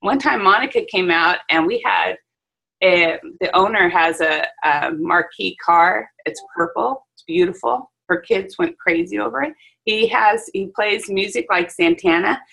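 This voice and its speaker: Chatty woman with a gravelly, husky voice. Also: mid-range voice, unhurried, low-quality recording. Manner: chatty, animated storytelling with fillers. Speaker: salon owner and hairstylist. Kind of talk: casual chat on a video call. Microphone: video call.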